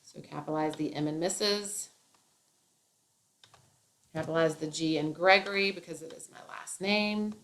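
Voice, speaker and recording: Lower-pitched woman explaining a lesson. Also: moderate pace, pauses often, fairly bright tone. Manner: explaining step by step with playful asides. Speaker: teacher. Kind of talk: classroom grammar lesson.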